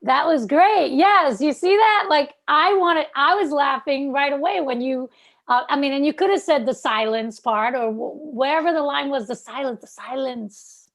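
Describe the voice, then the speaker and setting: A woman with a Brooklyn accent giving an actor animated, chatty coaching feedback over a video call, full of fillers. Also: high-pitched, normal speed. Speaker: acting coach.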